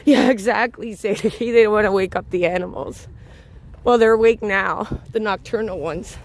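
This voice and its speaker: A woman's voice: medium pitch, moderate pace. A woman hosting a livestreamed night walk outdoors in a city park, chatting casually and answering viewers by name as she walks with her phone. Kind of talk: casual live-stream chat, answering viewers.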